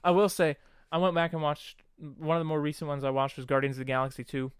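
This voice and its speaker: A man's voice: on the high side, little pitch movement, fast, clear, resonant tone, no echo, studio quality. A man co-hosting a podcast in casual chat, laughing often and acting out movie lines. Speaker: podcast co-host.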